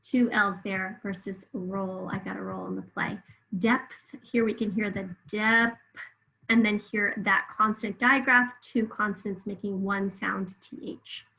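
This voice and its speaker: A woman teacher giving a spelling test and going over the answer key, saying each word and breaking it into syllables with clear, careful enunciation. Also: medium pitch, fairly even intonation, unhurried, bright, forceful tone, rough recording.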